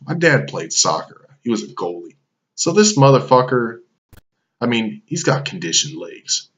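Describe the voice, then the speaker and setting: A man's voice: on the low side, a bit bright. A man telling a casual anecdote, loose and full of swearing and fillers. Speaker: storyteller.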